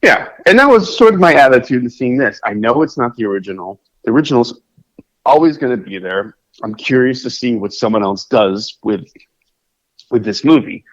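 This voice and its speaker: A man co-hosting a podcast in casual chat, rambling and animated, with many fillers and restarts. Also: medium pitch, moderate pace. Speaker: podcast co-host. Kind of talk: casual chat about films. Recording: dull lo-fi podcast audio.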